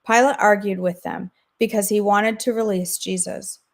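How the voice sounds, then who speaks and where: A woman hosting a daily devotional, reading scripture aloud in a steady, measured way. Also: mid-range voice, gravelly. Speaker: devotional host.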